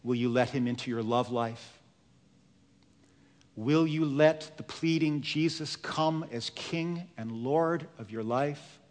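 A male pastor preaching a sermon in a slow, earnest and emphatic way. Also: mid-range voice, a little mellow, big-room sound.

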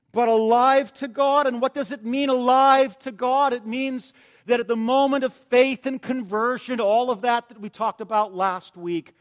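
A man with a notably high voice preaches to his church, telling a story. He pushes some phrases out loudly and drops others to a gentle hush. His words ring out in a long, echoing church reverb. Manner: storytelling, swings between loud emphasis and soft tender asides. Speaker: pastor. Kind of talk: sermon. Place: church sanctuary.

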